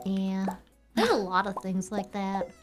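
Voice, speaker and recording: A woman's voice: mid-range voice, little pitch movement, unhurried. A woman streamer chatting casually while gaming, giggling and rambling through explanations. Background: game music.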